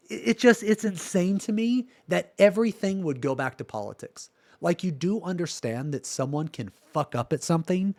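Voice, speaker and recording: A man streaming live, ranting in a profane, exasperated way that swings from loud outbursts to low muttering. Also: dry recording. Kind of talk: livestream reaction rant.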